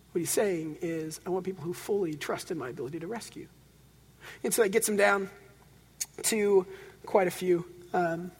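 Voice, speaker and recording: A man preaching a sermon, telling stories with animated swings between loud, driven passages and hushed, quiet ones. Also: high voice, husky. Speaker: pastor. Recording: long reverb of a large hall.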